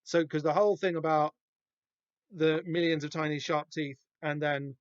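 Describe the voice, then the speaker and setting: Brief: male podcast host, casual rambling commentary, a touch high, dry muffled close mic. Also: steady tone, moderate pace, clean tone, no echo. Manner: rambling, wry, self-interrupting. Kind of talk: casual comic book commentary.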